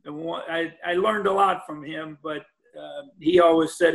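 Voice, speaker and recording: This older man, a college basketball head coach, speaks at normal speed with fairly even intonation in a slightly high, gravelly, fairly bright voice. Interviewed for a podcast over a call, he rambles, restarts a lot, and fills gaps with "you know."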